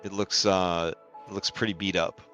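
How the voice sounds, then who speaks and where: A man narrating a tabletop game as game master, in a casual, halting way with many fillers. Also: low voice, steady tone, fairly bright tone, faint music behind.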